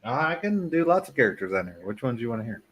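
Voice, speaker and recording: A man hosting a casual livestream chat, swearing, laughing and talking loudly. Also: mid-range voice, rapid-fire. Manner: loud, laughing, swearing, animated. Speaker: livestream host.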